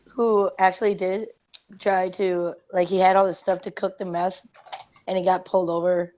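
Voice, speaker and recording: A woman's voice: fairly low pitch, fairly even intonation, moderate pace, darkish tone. Chatty woman on a dull mic. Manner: chatty, rambling, laughs often. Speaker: guest. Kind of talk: casual chat.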